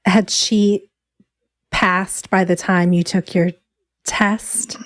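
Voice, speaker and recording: A woman hosting a podcast, asking her guest brief, gentle questions. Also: lowish voice, little pitch movement, very slow. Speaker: podcast host. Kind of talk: interviewing.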